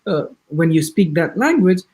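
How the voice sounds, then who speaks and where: A man with an American accent teaches an exam-prep orientation, his voice sitting a little high and swinging up and down a lot. He talks in quick bursts, restarts sentences often, and acts out sample answers. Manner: animated, talks fast in bursts with many restarts. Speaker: IELTS instructor. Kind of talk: orientation lecture.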